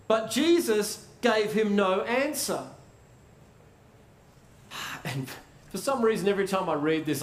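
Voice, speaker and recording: A male pastor delivers a sermon in a chatty, questioning style with dramatic pauses. His voice sits high and swings widely in pitch, and he speaks at an unhurried pace. The sound has a roomy echo.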